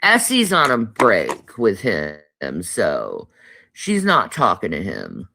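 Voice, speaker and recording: A woman's voice: very deep voice, wildly swooping pitch, takes it slowly, gravelly, bright, forceful tone, slight background noise. A woman co-hosting a casual chat, talking bluntly and swearing often. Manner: profane, blunt. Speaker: co-host.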